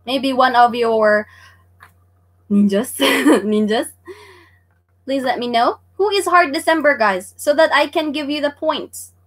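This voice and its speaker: A woman's voice: high-pitched, slow, long pauses. A woman hosting a livestream Japanese lesson, bubbly and laughing often as she greets viewers by name. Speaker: online Japanese teacher.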